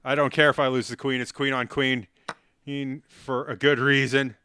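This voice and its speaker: A man's voice: mid-range voice, level tone, moderate pace, bright, forceful tone, smooth, dry recording. A man chatting on a live stream while playing chess, rambling and self-mocking and cracking silly jokes. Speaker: livestreamer.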